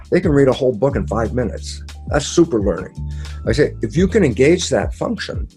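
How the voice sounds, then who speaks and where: An older man speaks in a mellow, relaxed voice, telling stories with lots of animation and acting out the lines of quoted dialogue. He swears casually as he talks. Faint music plays softly underneath. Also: medium pitch. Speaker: guest speaker. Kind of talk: animated interview talk.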